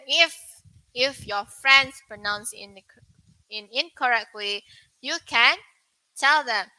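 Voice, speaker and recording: A young woman with a Malaysian English accent teaching an English pronunciation lesson, modelling words slowly and asking the viewers questions. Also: a little high, lively intonation, pushed and bright, rough recording.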